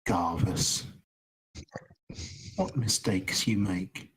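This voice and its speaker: A man voicing a raspy, menacing demon. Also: low-pitched, drawn-out words, exaggerated voice, low-quality recording.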